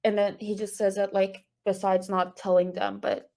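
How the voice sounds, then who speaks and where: Iranian woman correspondent, mid-pitched voice, casual retelling full of "um"s and restarts. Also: little pitch movement, moderate pace, darkish tone. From Iran. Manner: hesitant, many fillers and restarts. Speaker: correspondent recounting a news story. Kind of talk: casual retelling of a written account.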